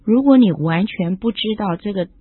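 A woman co-hosting a scripted radio language lesson, explaining each point in a clear, explanatory tone. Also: medium pitch, expressive, brisk, no echo. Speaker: co-host explaining in Chinese. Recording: tinny phone-like broadcast audio.

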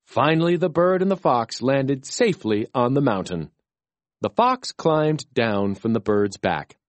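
A narrator reading a children's storybook chapter aloud slowly and expressively. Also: mid-range voice, lively intonation, dry recording.

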